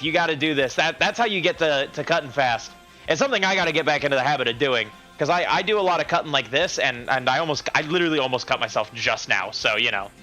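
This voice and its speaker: A man's voice: a little high, sharp tone, rough recording. A man chatting casually while cooking on a live stream from his home kitchen, rambling, laughing often and restarting his sentences.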